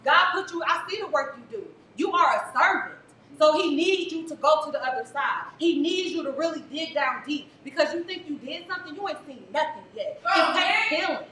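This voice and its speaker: A woman's voice: high-pitched, a little fast, few pauses, sharp tone. Emphatic woman therapist in an echoey hall. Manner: preachy, emphatic, faith-infused encouragement. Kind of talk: motivational talk to a live audience. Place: event venue before a crowd. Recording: echoey room from far off, faint noise.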